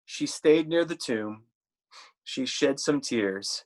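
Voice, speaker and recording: A man delivers a church sermon in an everyday conversational voice. He stumbles and restarts as he works through his thoughts, then slows and steadies himself for scripture quotes. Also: medium pitch, lively intonation, darkish tone. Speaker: preacher.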